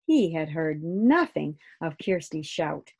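Brief: woman storyteller, husky and a bit gravelly, reads kids' books with lively animation. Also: slow pace. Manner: lively, raising her voice high for shouts and bird cries. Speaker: storyteller reading a children's book aloud. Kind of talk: read-aloud storytelling.

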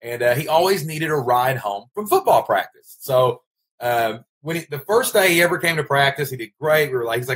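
A man's voice: mid-range voice, lively intonation, a little fast, a bit bright. Kentucky guy rambling folksy on his vlog, emphatic, repeats stuff. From Kentucky, United States. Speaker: host, online business coach. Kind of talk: casual storytelling vlog.

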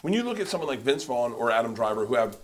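A man hosting a comedy podcast in casual chat, animated and laughing often. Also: medium pitch, racing, background noise. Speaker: podcast host.

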